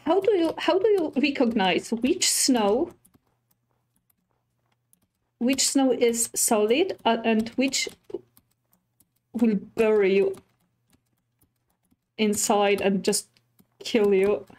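Slow-talking woman narrating her gameplay. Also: on the high side, darkish tone. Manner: chatty, easily startled, talks to animals and villagers. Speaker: streamer. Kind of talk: casual gameplay commentary.

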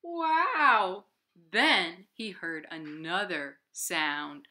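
A woman's voice: fairly low pitch, extremely slow, sharp tone. A woman hosting a library storytime from her home, reading a picture book aloud to children with gasps and playful sound effects.

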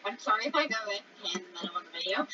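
A woman's voice: medium pitch, expressive, rapid-fire, lo-fi sound, a crowd in the background. A female co-player chatting casually during a game and teasing her friend. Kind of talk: casual gameplay chat.

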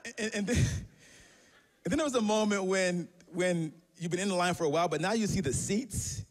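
Male pastor, casual storytelling sermon, light humor, fairly high-pitched for a man. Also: moderate pace. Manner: conversational storytelling with many fillers and restarts; humorous, self-deprecating.

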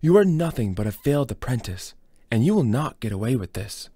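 A man's voice: medium pitch, big pitch swings, fairly quick, dark tone, slightly rough, no echo. A man voicing an arrogant older male scythe with a pompous, indignant way of talking, in a fan audiobook reading. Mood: scornful. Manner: pompous, outraged protest.

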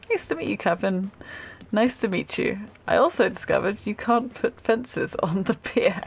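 A young woman hosting a gaming channel, giving casual, giggly and excitable commentary while she plays, laughing often. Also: mid-range voice, normal speed, vocal fry, slight background noise.

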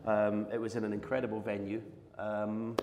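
A man's voice: fairly low pitch, flat delivery, moderate pace, background noise. A Scottish man in his fifties, a former snooker champion, telling rambling stories with restarts and laughs on a live podcast stage. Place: large arena in front of an audience. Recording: echoey live venue with long reverb.

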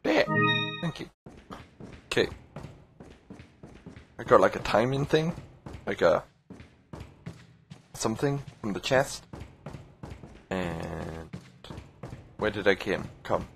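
Excitable man yelling through a game. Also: fairly low pitch, vocal fry. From United Kingdom. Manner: excitable, yelling at enemies, laughing. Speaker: let's play gamer. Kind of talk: casual game commentary.

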